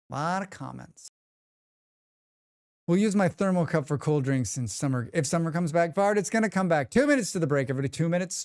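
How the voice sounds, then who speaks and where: A man's voice: high-pitched, clean tone, dry recording, studio quality. A man streaming live, chatting casually and joking with his chat. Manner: rambling, joking, reacts to chat.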